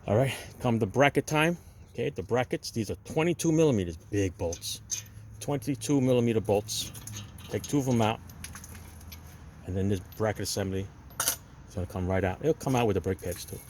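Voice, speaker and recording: A man's voice: lowish voice, moderate pace, pauses often, a little mellow, a little hiss or hum. A man hosting a casual do-it-yourself car repair walkthrough, talking to viewers as "people" and giving blunt, opinionated advice while working outdoors at a parked car. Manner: chatty, addresses viewers as "people". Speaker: DIY car repair channel host.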